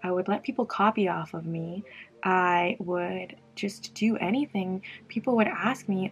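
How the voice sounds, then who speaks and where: A woman's voice: medium pitch, normal speed, slightly rough, muffled recording. A young woman vlogger talking candidly about her past while doing her makeup, in a casual get-ready-with-me chat. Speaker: beauty vlogger.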